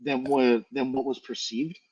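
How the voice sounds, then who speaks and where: A man's voice: medium pitch, little pitch movement, measured pace, darkish tone, slightly rough, dry recording, highs cut off. A man co-hosting a casual podcast chat, talking in slang with a joking, laughing manner. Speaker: podcast co-host.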